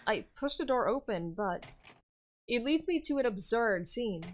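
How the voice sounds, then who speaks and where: A woman streamer reading a visual novel aloud in an expressive, lively way. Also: a little high, a little slow.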